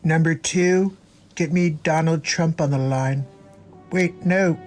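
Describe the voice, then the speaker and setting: A man's voice: fairly high pitch, takes it slowly, darkish tone, soft background music. A man putting on the voice of a grandiose villain boss who barks orders at an underling. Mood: commanding.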